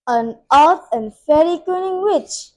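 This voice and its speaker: A woman's voice: sits high, expressive, measured pace, darkish tone, rough recording. A young woman with an Indonesian accent, a student reading a fairy tale aloud carefully, with small slips. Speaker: student storyteller.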